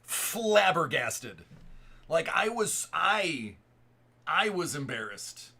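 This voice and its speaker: Thirtyish guy streaming live, rambly story, lots of restarts, kinda high bright voice. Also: animated, unhurried. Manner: rambling, restarts and repeated words. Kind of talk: casual storytelling to live chat.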